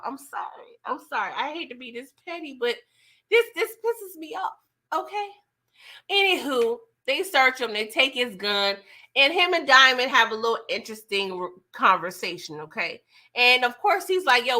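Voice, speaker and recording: High bright animated woman host. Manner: animated, slangy, laughs and mocks. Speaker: TV recap host. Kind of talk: casual live-stream recap chat.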